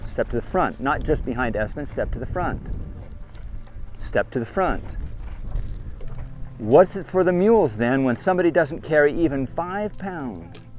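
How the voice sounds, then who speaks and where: A man's voice: fairly high pitch, animated, unhurried, pauses often, a little hiss or hum. A man leading a group outdoors, lecturing them sternly and firing off repeated questions and commands. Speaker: trip leader addressing a group of kids.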